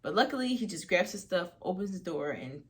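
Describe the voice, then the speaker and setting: A young woman tells a personal story straight to the camera, in a casual and chatty vlog style. Her voice sits on the lower side, and she fills her speech with "like" and "you know what I mean". It sounds like a relaxed storytime upload. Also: fairly quick. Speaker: vlogger.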